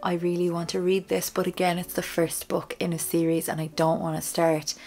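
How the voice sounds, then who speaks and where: A woman book vlogger giving a casual, chatty bookshelf tour, self-deprecating and dropping into soft whispery asides. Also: lowish voice, level tone, brisk.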